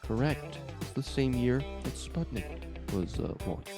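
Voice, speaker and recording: A man's voice: medium pitch, lively intonation, takes it slowly, vocal fry, over music. A man co-hosting a podcast, chatting casually, joking, laughing often and swearing. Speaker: podcast co-host. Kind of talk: casual chat.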